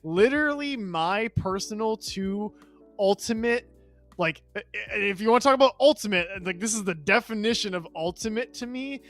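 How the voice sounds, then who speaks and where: A man's voice: sits high, expressive, moderate pace, fairly bright tone, faint music behind. A male podcast co-host in casual gaming chat, rambling and enthusiastic, laughing often.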